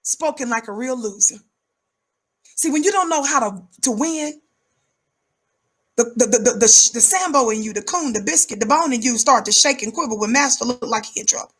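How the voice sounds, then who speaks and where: Woman commentator, high-energy preacher cadence, husky voice, pitched a bit high. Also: animated, brisk, fairly bright tone. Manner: emphatic, rhythmic, repeats words for effect; calls herself high-energy. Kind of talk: fiery preaching-style commentary.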